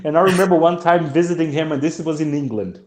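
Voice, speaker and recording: A man's voice: a little high, fast, a little mellow, reverberant. A man teaching English through conversation, often stammering and repeating his words. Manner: stammering repetitions. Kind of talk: conversation lesson.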